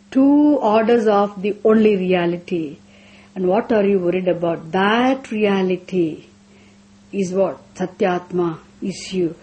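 A woman's voice: medium pitch, a little mellow. A woman teaching a scripture class, repeating phrases, asking rhetorical questions and chanting verses.

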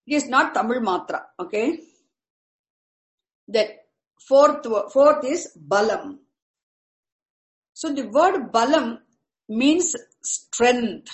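A woman teaching Sanskrit terms, speaking deliberately and repeating each key word. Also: fairly high pitch, animated. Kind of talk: slow explanatory lecture. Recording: echoey room.

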